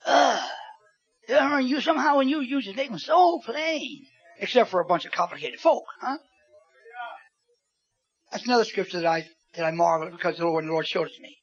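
A man preaching a sermon, emphatic and repetitive, swinging from loud to soft. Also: high-pitched, lively intonation, a little fast. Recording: dull lo-fi sermon recording with faint music.

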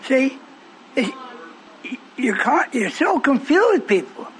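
A man's voice: very high voice, big pitch swings, takes it slowly, crowd noise. A man preaching a sermon, confronting and questioning his congregation.

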